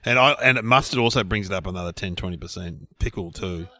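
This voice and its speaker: A man's voice: low voice, fast, bright, forceful tone, dry recording, clean studio sound. A man from Australia co-hosting a podcast, chatting casually and telling jokey anecdotes. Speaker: podcast co-host. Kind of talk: casual chat.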